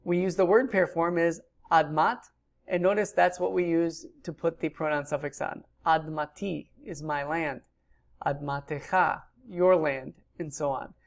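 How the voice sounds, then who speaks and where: A woman's voice: lowish voice, fairly even intonation, moderate pace, gravelly. A woman giving a recorded grammar lecture, explaining patiently with frequent ums. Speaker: Hebrew teacher.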